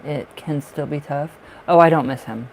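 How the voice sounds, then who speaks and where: A man with a raspy smoker's voice doing tarot readings on a livestream, chatting in a rambling way and laughing often. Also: on the high side, moderate pace, a little hiss or hum, rough recording. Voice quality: raspy from smoking. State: short of breath at times. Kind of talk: casual livestream chat.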